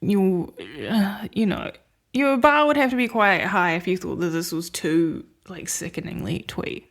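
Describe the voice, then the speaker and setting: Speaking unhurriedly in a mid-range voice, a woman co-hosting a podcast talks through films she watched in a loose, rambling way, dropping in lots of filler words and laughing often.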